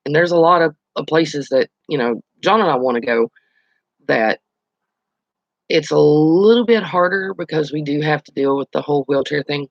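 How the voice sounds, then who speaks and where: Creaky-voiced man chatting on a live stream. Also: fairly high pitch, normal speed, no room sound, dull audio. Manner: chatty, storytelling, answers viewer comments. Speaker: channel host. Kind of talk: casual live-stream chat.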